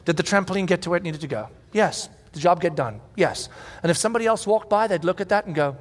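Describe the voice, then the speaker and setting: A man in his forties preaching a sermon as pastor, telling stories animatedly and shouting out the lines he quotes. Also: sits high, lively intonation, quick pace. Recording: long hall reverb.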